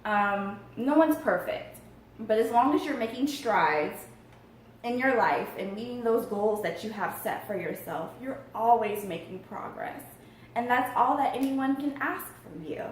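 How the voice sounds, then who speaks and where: A woman's voice: a little high, lively intonation, unhurried, distant mic, a little hiss or hum. A woman hosting a casual mukbang eating vlog, murmuring over her food and giggling often. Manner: upbeat, murmurs between bites, giggly. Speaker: mukbang vlogger. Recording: very echoey room.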